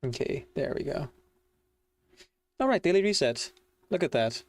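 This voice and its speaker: A man's voice: on the high side, animated, moderate pace, no room sound. A man streaming a game, chatting casually to viewers in a rambling way full of fillers. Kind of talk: casual livestream chat.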